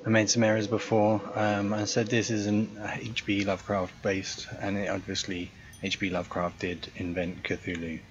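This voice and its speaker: A man hosting a let's play, chatting casually and reading the game text aloud in a relaxed, conversational way. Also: fairly low pitch, normal speed, few pauses, muffled recording, crowd noise.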